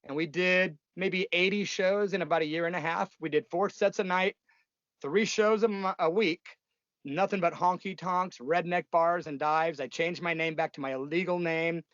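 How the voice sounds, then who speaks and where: A man's voice: high-pitched, fairly even intonation, normal speed, a bit bright, dry recording, dull audio. A man, a punk musician telling stories in a casual interview, blunt and profane, rambling with lots of fillers.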